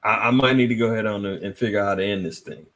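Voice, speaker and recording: A man's voice: very fast, fairly bright tone, natural voice. A man doing a mocking impression of a nervous, cornered male president, with hesitant, stammering lines. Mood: panicky. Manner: hesitant, stammering, mumbling low.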